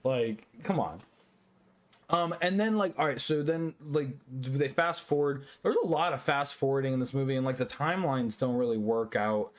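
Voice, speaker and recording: A man's voice: medium pitch, moderate pace. Tipsy man ranting through a film review. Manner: rambling, profane, many restarts and fillers. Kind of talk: drunk casual review monologue.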